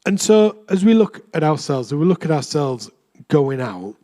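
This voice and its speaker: Chatty young vicar with a mellow voice. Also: male voice, a little high, very animated, moderate pace. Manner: chatty, self-deprecating storyteller. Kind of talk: sermon. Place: church.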